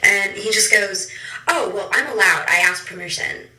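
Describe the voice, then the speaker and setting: A chatty young woman tells a story in a casual way and acts out each person's lines. Her voice is very bright and sits in an echoey room. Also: mid-range voice, normal speed. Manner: chatty, acts out dialogue with a swearing punchline. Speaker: content creator.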